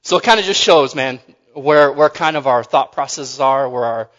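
A man's voice: medium pitch, normal speed, a bit bright, long reverb tail, lo-fi sound. A man preaching a sermon in a loose, conversational way, joking and often restarting his phrases.

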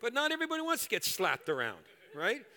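An older man preaching a sermon and leading prayer in a church, animated and joking at his own expense. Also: very high-pitched, fast. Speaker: pastor. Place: church hall. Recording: echoey hall reverb.

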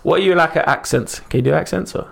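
A man hosting a casual interview podcast, asking quick, teasing questions. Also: a little high, gravelly. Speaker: podcast host.

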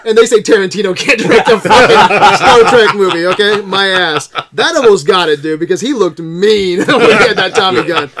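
Casual podcast host, man, higher register, swears freely, quick to laugh. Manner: profane, animated, laughs often. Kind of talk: casual film chat.

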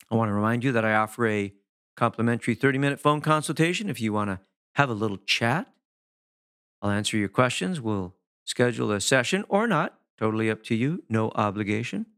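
A middle-aged man hosting his own podcast as a hypnotherapist, talking casually and animatedly, sometimes acting out how people sound. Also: medium pitch. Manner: animated, swooping delivery with playful demonstrations of voices. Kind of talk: casual solo podcast talk.

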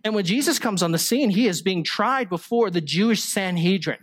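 A man's voice: high-pitched, lively intonation, normal speed. A male pastor delivering a sermon, explaining scripture through rhetorical questions and the occasional small joke.

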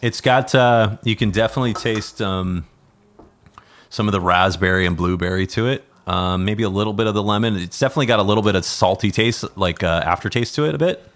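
A man co-hosting a casual podcast, talking in a halting way full of fillers and restarts. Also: fairly low pitch, a bit bright. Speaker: podcast co-host. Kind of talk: casual chat.

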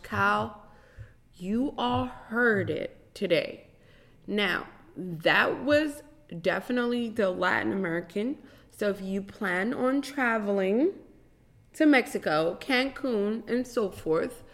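Slow, deliberate woman hosting a podcast. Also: medium pitch, a bit bright. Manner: slow and deliberate, with pauses and restarts. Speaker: podcast host.

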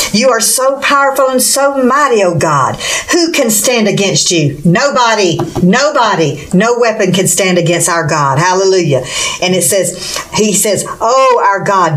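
A woman preaching a sermon with fervent, exclamatory delivery and rhetorical questions. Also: medium pitch.

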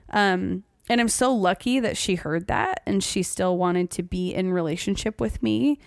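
A woman's voice: mid-range voice, moderate pace, vocal fry, hardly any pauses, no room sound, clean studio sound. A young woman in casual podcast chat, earnest, repeating words for emphasis.

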